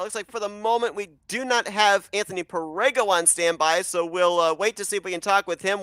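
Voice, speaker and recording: Race broadcast lead, male, high bright voice, crisp and dry, excitable delivery. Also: dry recording. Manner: excitable, breathless play-by-play. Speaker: lead sim racing commentator.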